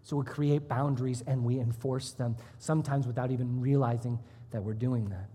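A man's voice: mid-range voice, steady tone, normal speed, warm tone, husky, long reverb tail. A man serving as pastor, preaching a sermon in a church with emphatic rises and drops in his delivery. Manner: emphatic, rising and dropping for emphasis. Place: church sanctuary.

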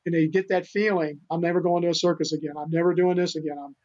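A man's voice: fairly high pitch, fairly even intonation, fast talker, darkish tone. An older man from the United States, a guest on a podcast, telling rescue stories in an earnest, rambling way with many restarts. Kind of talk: casual interview storytelling. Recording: dull lo-fi remote audio.

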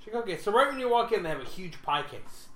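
A man's voice: high voice, sing-song, fast talker, a bit bright. A man co-hosting a casual chat, telling a funny story with lots of laughing. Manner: joking storyteller, laughs often. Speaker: podcast co-host. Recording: echoey room.

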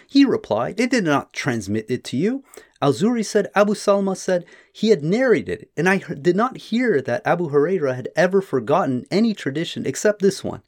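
A man's voice: high voice, fairly quick. A man giving casual spoken commentary on old texts, retelling stories in his own words with many fillers. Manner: paraphrases texts with animated retellings and frequent fillers. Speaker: religious commentator.

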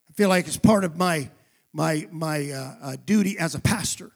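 A male pastor preaching a sermon, calling for responses from the congregation and rising to shouted emphasis. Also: on the high side, moderate pace, creaky. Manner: drops to a quiet aside voice for asides.

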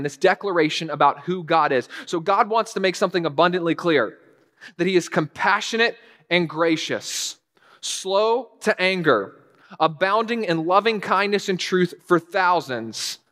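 A man preaches a sermon in a casual, conversational tone, sometimes slipping into quoted dialogue. His voice sits fairly high. The long reverb of a church hall trails behind him. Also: fairly bright tone. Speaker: pastor.

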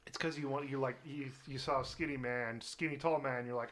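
A man's voice: mid-range voice, steady tone, fairly quick, a bit bright, a little hiss or hum. A man co-hosting a podcast in casual chat, teasing and wry. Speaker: podcast co-host.

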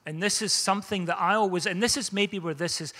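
A middle-aged pastor preaches in a high, bright voice. He speaks in a conversational way and pokes gentle fun at himself. The sound has the long reverb of a church hall. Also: quick pace. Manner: conversational, self-deprecating humor. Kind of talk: sermon. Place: church sanctuary.

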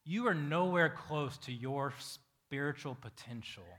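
A male pastor preaching a sermon to a congregation, telling stories with lively acted-out quotes. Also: a little high, unhurried. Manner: animated storytelling, acting out quoted voices. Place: church hall with a congregation.

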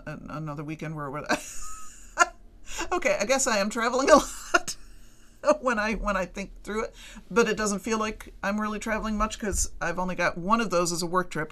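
A woman's voice: fairly low pitch, a bit bright. A middle-aged woman hosting her own podcast, talking casually to listeners in a chatty, rambling, self-deprecating way. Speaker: podcast host. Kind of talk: casual solo podcast chat.

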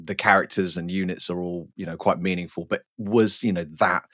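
A man co-hosting a casual podcast, playful and quick with jokes and laughter. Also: deep voice, fairly even intonation, fairly bright tone, no room sound, clean studio sound. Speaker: podcast co-host. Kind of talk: casual chat.

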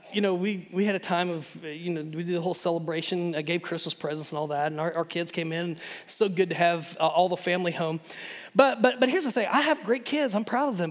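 High-voiced pastor in a reverberant hall. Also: male voice. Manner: animated, repeats words and restarts often. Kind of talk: sermon. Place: church hall.

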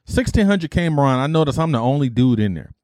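A middle-aged army veteran from Detroit, USA, casually tells his life story in a fast, medium-pitched voice, recorded dry with studio quality. He retells events animatedly, acting out dialogue and using mild substitutes for curse words.

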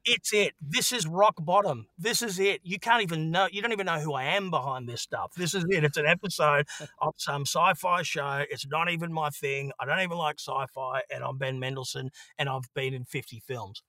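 A man's voice: a little high, moderate pace, pushed and bright, no echo, pitched above the performer's own voice. A man putting on a fed-up fellow actor, blunt and swearing. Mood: despairing. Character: jaded Australian actor in prosthetics, swearing.

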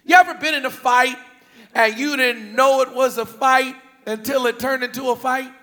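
Male preacher, very high tense voice, animated storyteller who breaks into shouts, long hall echo. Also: moderate pace. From US Northeast. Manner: animated storytelling, repeated questions, bursts of shouting. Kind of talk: storytelling sermon. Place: large church hall with thousands present. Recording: large hall reverb.

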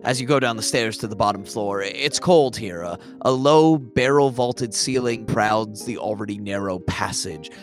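Man, game master, animated pitch, descriptive narration, faint background music. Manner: descriptive, lively narration with asides.

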